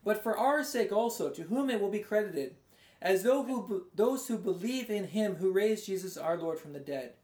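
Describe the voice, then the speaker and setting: A man giving a conversational, rambling sermon as a pastor, his voice going a bit hoarse. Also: high voice, expressive, moderate pace, darkish tone, reverberant. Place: large room, speaking to a congregation far away.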